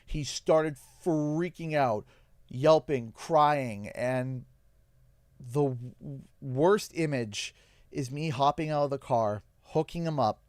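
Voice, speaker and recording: Young canadian guy on stream, choked up and halting, dry close mic. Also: medium pitch, a little mellow, dry recording. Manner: halting, emotional, pausing often. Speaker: livestream host. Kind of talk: emotional storytelling on a game stream.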